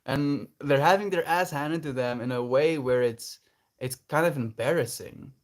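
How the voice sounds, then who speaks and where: A man's voice: mid-range voice, normal speed. Earnest, reflective male livestreamer. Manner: reflective, earnest, laughs often. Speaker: livestreamer reading chat. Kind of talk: casual livestream chat.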